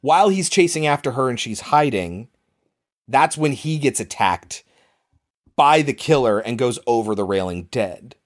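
A podcast co-host giving a casual, animated recap of a horror film's plot, swearing now and then. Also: mid-range voice, moderate pace. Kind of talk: casual movie recap chat.

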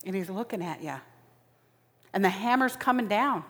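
A woman's voice: mid-range voice, lively intonation, normal speed, a bit bright. A woman preaching a sermon in a dramatic style, repeating phrases for emphasis. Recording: long reverb of a large hall.

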